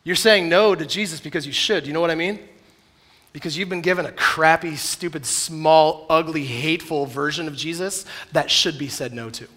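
Passionate, bright-voiced preaching man. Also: fairly high pitch, normal speed, big-room sound. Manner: passionate, swings from loud and emphatic to quiet and conversational, jokey asides. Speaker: pastor. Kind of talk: sermon. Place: church auditorium.

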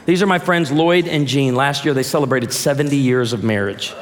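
A man in his forties preaching a sermon as a pastor, telling stories in a lively, joking way. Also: medium pitch, brisk, in a large hall, noisy background. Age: 40s.

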